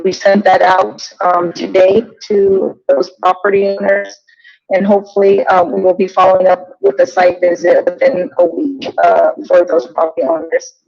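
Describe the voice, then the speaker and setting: A woman giving a project update at a village council meeting, halting, with many ums and restarts. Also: mid-range voice, a little mellow. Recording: dull lo-fi meeting audio.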